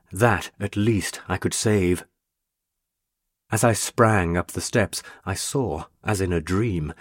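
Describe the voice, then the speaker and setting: Deep-voiced man reading a brooding tale. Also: no room sound, studio quality. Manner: intense, brooding, expressive. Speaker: narrator. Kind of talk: dramatic first-person story reading.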